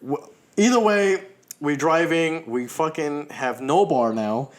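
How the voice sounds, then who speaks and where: A man's voice: fairly high pitch, slow. A man co-hosting a podcast, telling a long story in casual chat, laughing often and swearing freely. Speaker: podcast co-host.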